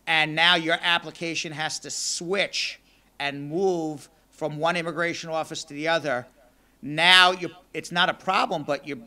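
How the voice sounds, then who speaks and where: A hoarse man losing his voice, hosting a live call-in radio show and giving legal advice step by step in a fast, energetic way. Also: on the high side. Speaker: immigration lawyer and radio show host.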